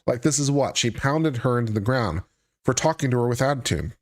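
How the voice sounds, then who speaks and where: A man hosting a live stream reads a court filing aloud at a brisk clip. He keeps stopping to toss in wry, sarcastic remarks. His voice sits in an ordinary middle pitch. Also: lively intonation. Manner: reads legal text aloud then breaks off into sarcastic asides. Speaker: legal commentary host.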